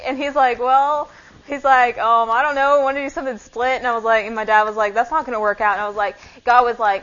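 A woman's voice: a little high, quick pace. A young woman giving an informal, chatty sermon and reading scripture, acting out conversations as she goes. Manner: chatty and animated, acting out dialogue. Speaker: lay preacher. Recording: dull lo-fi recording.

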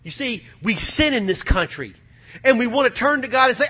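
Male preacher, high bright voice, husky edge, fervent, loud then hushed. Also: expressive, moderate pace. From United States. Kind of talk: sermon.

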